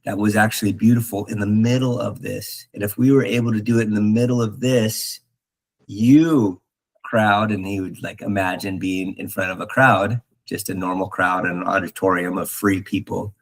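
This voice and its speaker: A man talking earnestly in a reflective spiritual talk, halting with many restarts and fillers. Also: fairly low pitch, steady tone, gravelly, low-quality recording. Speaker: podcast host.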